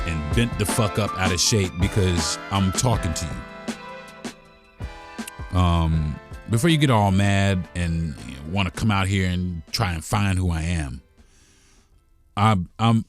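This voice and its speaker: A man hosting a podcast, delivering a blunt, profane, heated monologue. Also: deep voice. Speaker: podcast host.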